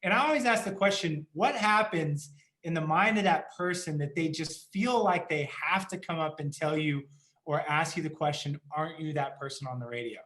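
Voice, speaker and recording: A man's voice: fairly high pitch, moderate pace, a bit bright. A man hosting a real estate podcast, interviewing a guest in an enthusiastic, promotional way. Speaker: podcast host. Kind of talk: casual interview chat.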